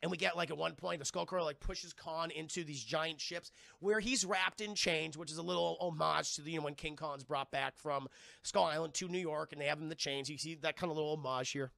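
A young man streaming a casual, excitable movie recap to his live chat, swearing often and calling out to the chat as he goes. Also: on the high side, fairly quick, vocal fry, dry recording.

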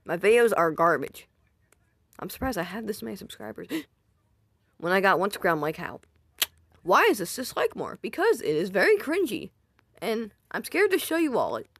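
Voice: mid-range voice, big pitch swings, moderate pace, vocal fry, pauses often, fairly bright tone, dry recording. Casual YouTuber reacting to comments, self-mocking, recorded dry at a home mic. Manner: self-deprecating, rambling, reacts aloud. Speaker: YouTuber reading viewer comments.

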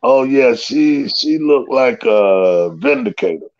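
A man tells stories in loose, slangy casual talk, his voice gravelly and swinging widely in pitch. The sound is dry and a bit dull, like a lo-fi recording. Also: slow pace, dry recording. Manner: animated, loose slangy storytelling with big pitch jumps and laughs. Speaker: guest storyteller. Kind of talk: casual storytelling.

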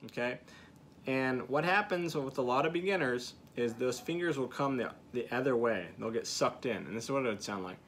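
A man's voice: medium pitch, brisk, a bit bright. A man teaching beginners to use a duck call, coaching step by step with frequent "okay" check-ins. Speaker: duck calling instructor. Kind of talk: hands-on teaching demonstration.

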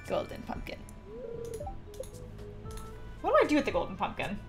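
A woman chatting casually as she streams a game, reacting out loud and talking to her chat. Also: medium pitch, huge pitch swings, normal speed, gravelly, faint music behind.

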